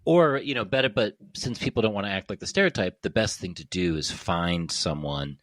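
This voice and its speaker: A man talking in a casual podcast conversation, animated and playful, slipping into mimicked accents. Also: deep voice, fairly quick, dry recording, clean studio sound.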